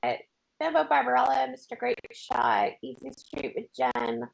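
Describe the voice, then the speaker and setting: A woman co-hosts a casual trivia night, calling out team names and checking answers. Her voice is high and swoops around, with a gravelly fry at the edges. Faint noise sits behind her. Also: wildly swooping pitch, moderate pace. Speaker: trivia co-host and scorer. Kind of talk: casual live-stream chat.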